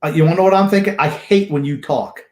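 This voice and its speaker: A man co-hosting a sports podcast, gruff and sarcastic in casual chat. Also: fairly high pitch, fast, reverberant. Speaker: podcast co-host.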